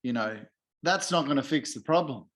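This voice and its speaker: A man's voice: mid-range voice, animated, normal speed, fairly bright tone. An Australian man co-hosting a podcast, talking bluntly in casual chat, with frequent swearing and fillers. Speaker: podcast co-host. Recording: audio only, room mic.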